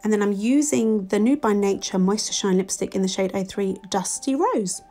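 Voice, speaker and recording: A woman's voice: mid-range voice, normal speed, mellow. Chatty London woman in her forties. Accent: London English. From England. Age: 40s. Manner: chatty, self-deprecating and gushing. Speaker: beauty vlogger. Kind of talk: makeup tutorial voice-over. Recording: faint music underneath.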